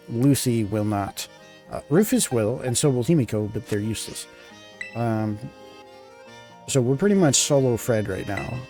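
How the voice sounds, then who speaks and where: A man chats casually while streaming a game, rambling and restarting his sentences with plenty of fillers. His voice is mellow and of middling pitch, with faint game music under it. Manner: rambling, filler-heavy, self-interrupting. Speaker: gaming streamer. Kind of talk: casual live-stream chat.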